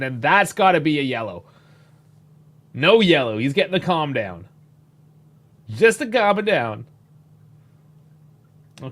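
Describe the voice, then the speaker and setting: A man's voice: mid-range voice, fairly bright tone. A man from Canada, hosting a casual live match reaction, chatty and laid-back with frequent chuckles and casual swearing. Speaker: host.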